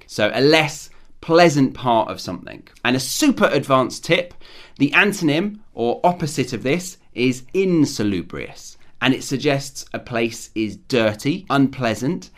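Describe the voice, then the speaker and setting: A man with a medium-pitched voice hosts an English vocabulary lesson. He explains words clearly with examples, in a friendly, teacherly manner.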